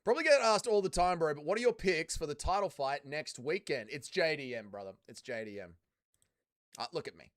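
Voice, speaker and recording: A man's voice: fairly high pitch, lively intonation, fairly quick. A young Australian man hosting a casual fight watch-along stream, joking, swearing and answering chat. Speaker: livestream host.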